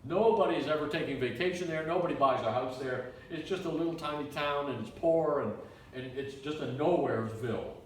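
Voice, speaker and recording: A man from Canada, a preacher telling a story in a sermon with animated, repetitive delivery. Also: fairly high pitch, a little fast. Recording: echoey room, mic from far off.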